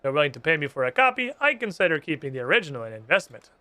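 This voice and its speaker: A man reading the lines of a greedy male dealer from a game, a little higher than his usual voice. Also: very animated, rapid-fire, pushed and bright. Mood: scheming.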